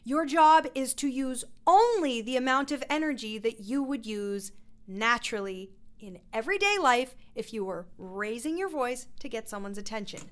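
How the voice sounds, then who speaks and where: A woman's voice: on the high side, lively intonation, normal speed. A woman vocal coach teaching a voice lesson in a playful, encouraging way. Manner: instructive.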